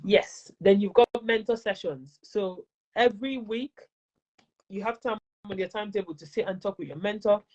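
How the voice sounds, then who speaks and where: Animated Nigerian-accented woman teacher. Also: medium pitch, normal speed. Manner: animated, emphatic, repeats advice for stress. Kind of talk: casual interview chat. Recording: dull lo-fi recording.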